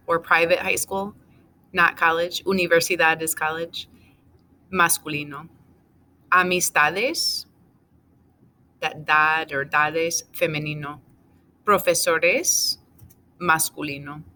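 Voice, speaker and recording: A woman teaching a recorded class, going over answers item by item in a steady, methodical way. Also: low-pitched, slight background noise. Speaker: Spanish teacher.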